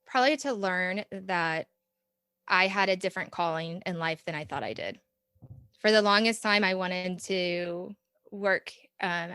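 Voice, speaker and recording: A woman's voice: on the low side, fairly bright tone, clean tone, no room sound, clean studio sound. A woman, speaking earnestly and reflectively as an interview guest, often laughing as she talks. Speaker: podcast guest, parent mentor. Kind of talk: conversational interview.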